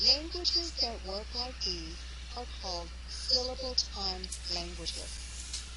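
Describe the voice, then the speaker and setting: A woman giving a scripted mini lecture in a teaching video, asking rhetorical questions and talking straight to the listener. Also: a little high. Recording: loud steady background noise.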